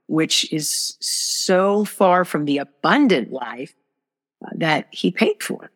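A woman's voice: sits low, long reverb tail. A woman speaking as a guest author in a faith conversation, earnest and emphatic in how she talks.

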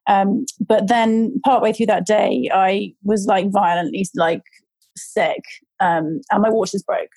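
A woman's voice: medium pitch, fairly even intonation, slow pace, a little mellow, no echo, rough recording. A woman casually telling a long personal story, with many fillers and restarts. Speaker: guest telling her birth story.

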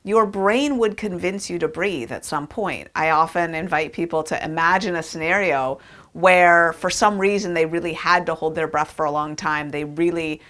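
Woman, lowish voice, conversational storyteller, emphatic with fillers. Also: moderate pace, a bit bright. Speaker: speaker. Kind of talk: storytelling talk.

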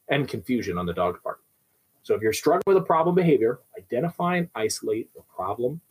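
A man's voice: medium pitch, darkish tone, husky, rough recording. A young adult man who trains dogs, explaining with everyday examples and often checking in with "right?". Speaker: dog trainer. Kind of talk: instructional talk.

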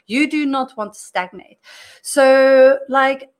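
A woman's voice: high voice, slow, clean tone. A middle-aged woman whose first language is not English, a career coach talking earnestly through a personal story in a podcast monologue, with frequent restarts.

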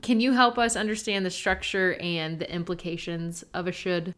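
A woman's voice: lowish voice, flat delivery, moderate pace, fairly bright tone. A woman co-hosting a podcast who chats casually, reacts to stories and giggles often. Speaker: podcast co-host. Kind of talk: casual chat.

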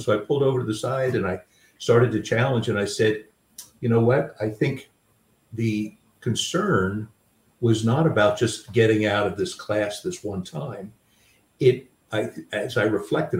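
A lowish, slightly mellow male voice belongs to an older guest author and grandfather who reflects on his life through stories in conversation. He is self-deprecating and restarts often, using many fillers. The audio is roomy, picked up a bit far from the mic.

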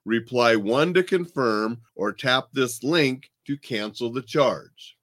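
A man's voice: mid-range voice, takes it slowly, fairly bright tone. A man hosting a casual chat, telling stories in a blunt, plainspoken way from his home desk. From Montana, United States. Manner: plainspoken, blunt, chatty storytelling. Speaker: host.

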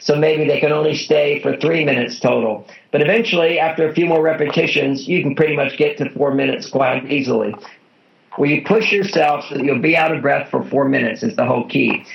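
A man's voice: on the high side, fairly quick, vocal fry, a little hiss or hum. A man being interviewed as a guest author, explaining things in an earnest, instructive way and repeating his key points. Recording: dull lo-fi audio.

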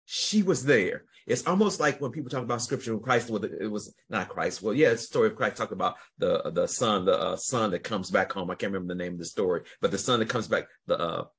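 A podcast host tells a long story in a low, slightly husky voice. He rambles, restarts his sentences and swears freely as he goes. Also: fast, few pauses. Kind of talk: casual storytelling.

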